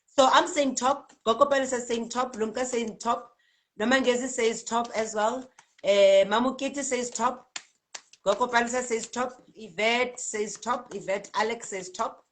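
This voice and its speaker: A South African woman hosting a live spiritual card-reading stream, reading out viewers' comments in a lively, chatty way and laughing often. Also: a little high, moderate pace. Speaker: spiritual healer and card reader.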